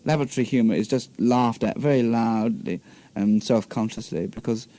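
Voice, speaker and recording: A man's voice: medium pitch, normal speed, mellow, no echo. A man in his twenties with an English accent, answering questions in a radio interview with many ums and restarts, on an old 1960s radio tape. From England. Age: 20s. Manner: hesitant, many fillers and restarts. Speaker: guest comedian and musician.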